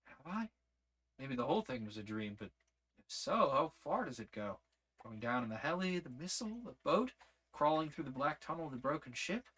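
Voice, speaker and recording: A man's voice: very animated, moderate pace, fairly bright tone. A man voicing a shaken young woman pilot who speaks in a breathless, pleading way. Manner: breathless, pleading, high-pitched.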